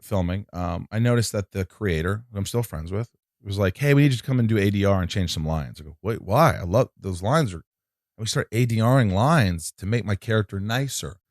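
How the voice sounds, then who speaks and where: A man's voice: fairly low pitch, lively intonation, brisk, no echo, studio quality. A man, an actor, telling a long story in casual chat, acting out quotes and swearing freely. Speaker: actor guest.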